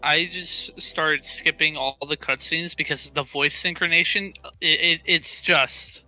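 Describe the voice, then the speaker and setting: A man's voice: on the high side, faint music behind, poor audio. A man co-hosting a gaming podcast, talking casually with lots of fillers and restarts. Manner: animated, halting with many fillers. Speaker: podcast co-host. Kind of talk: casual chat.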